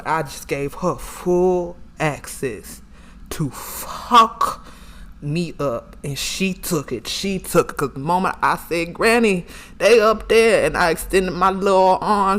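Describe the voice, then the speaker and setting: Animated, profane storyteller man. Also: on the high side. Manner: animated, profane, calls listeners girl and y'all. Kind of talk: comedic personal storytelling.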